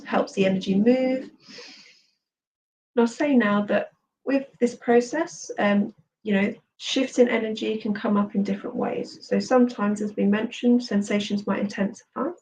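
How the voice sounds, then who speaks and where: A woman therapist and coach leading a guided tapping session, speaking slowly and soothingly as she gives instructions. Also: medium pitch, darkish tone, recorded from a distance, slight background noise, poor audio.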